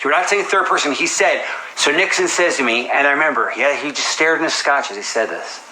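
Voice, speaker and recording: A man playing a pushy fast-talking director. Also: on the high side, reverberant, a crowd in the background, lightly acted, poor audio. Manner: pushy, insistent, rambling. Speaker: film director coaching an actor. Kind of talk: film comedy scene.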